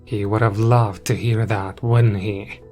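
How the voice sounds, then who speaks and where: A man voicing a cruel, contemptuous winged male creature in a horror story, taunting in a slow drawl. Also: fairly low pitch, level tone, mellow, close to an everyday voice. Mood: menacing. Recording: music in the background.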